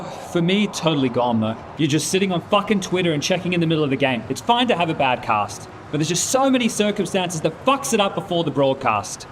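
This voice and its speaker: A caster angrily scolding a colleague, swearing a lot. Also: male voice, a little high, slight background noise.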